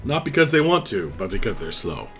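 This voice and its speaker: A man running a tabletop game as dungeon master, narrating the action in a lively, descriptive way with frequent fillers. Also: fairly low pitch, fairly quick, soft background music.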